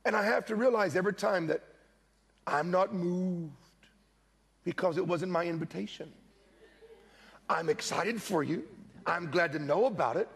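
A middle-aged man preaching a sermon in church, telling lively stories and acting out the voices of the people in them. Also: high-pitched, moderate pace, creaky, pauses often, breathy edge. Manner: animated storytelling preacher, acts out quoted voices. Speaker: pastor.

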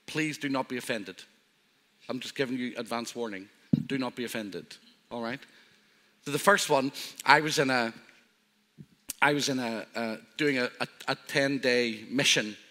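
A man's voice: mid-range voice, moderate pace, pauses often. An older man preaching as pastor, telling humorous personal stories. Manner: warm storytelling with self-deprecating humor. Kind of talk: sermon. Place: church hall. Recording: live church hall reverb.

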